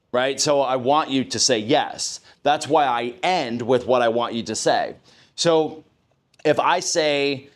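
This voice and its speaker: Man coaching a sales team. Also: mid-range voice. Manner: coaching, acts out customer lines, asks the room questions. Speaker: sales trainer. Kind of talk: live sales training session.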